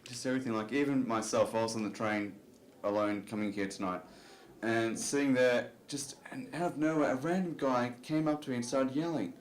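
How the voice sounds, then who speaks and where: A man's voice: mid-range voice, fairly quick, hardly any pauses, a little hiss or hum. A man doing a stand-up comedy set on a club stage, talking in a loose, self-deprecating way full of "you know" fillers. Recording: roomy club recording.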